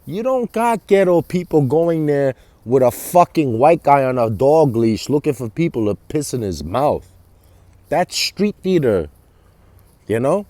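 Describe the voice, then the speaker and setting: A man rambling straight to camera, cursing often and breaking off mid-sentence to start again. His pitch rises and falls a lot, his tone is dark and mellow, and the sound is dry and close. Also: big pitch swings, a little slow, no room sound. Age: adult with children. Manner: rambling, heavy swearing, frequent restarts. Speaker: vlogger. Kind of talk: casual monologue.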